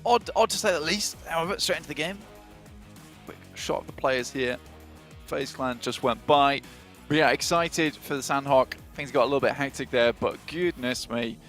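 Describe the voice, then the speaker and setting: Esports caster guy, lots of ums, mid pitch, walks thru standings. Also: moderate pace, fairly bright tone, soft background music. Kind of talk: match commentary.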